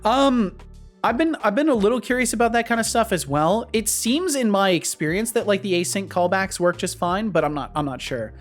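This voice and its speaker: A man's voice: sits high, lively intonation, fairly quick, faint music behind. A man streaming live as he codes, thinking aloud and often repeating and restarting his phrases. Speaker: streamer and game developer.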